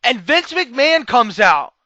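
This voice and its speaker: A young man reviewing a wrestling show, talking casually and sarcastically and swinging between loud outbursts and quiet mutters. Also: extremely high pitch, big pitch swings, measured pace, dry recording, muffled recording.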